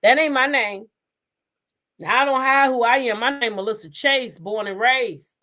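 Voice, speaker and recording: Woman with a higher voice doing casual live stream gossip, cussing a lot, laughing all the time. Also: normal speed, pushed and bright. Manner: blunt, profane and laughing often. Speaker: host of a gossip show.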